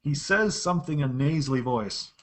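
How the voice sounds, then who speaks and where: A man running a tabletop game as game master, describing scenes in a lively storytelling way. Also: on the high side, fairly quick.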